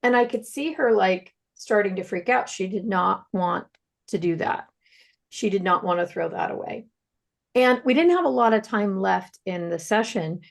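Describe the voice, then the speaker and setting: A woman practitioner telling a client story on a panel, lively and animated. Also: moderate pace, gravelly. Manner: animated storyteller, swings pitch widely.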